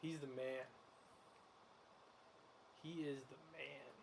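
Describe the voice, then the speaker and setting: An excitable man who laughs often, hosting casual sports betting commentary while watching a game. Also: mid-range voice, slow, gravelly, background noise. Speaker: host.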